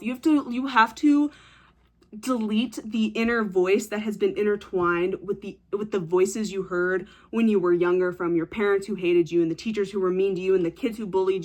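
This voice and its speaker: A young woman with a mid-range voice vlogs casual advice straight to camera. She's blunt and teasing, swears freely and retells stories with dramatic flair.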